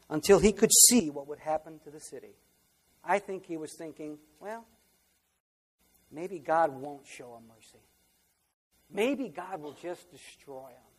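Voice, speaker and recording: A man preaching a sermon as pastor, swinging from quiet asides to loud, impassioned outbursts. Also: sits high, in a large hall.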